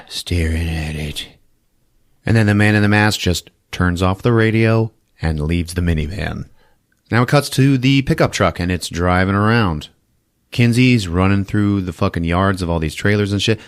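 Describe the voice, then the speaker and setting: A man hosting a podcast, casually recapping a horror film with profanity, laughter and acted-out voices. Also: low voice. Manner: animated, profane, acts out scenes with voices and laughs.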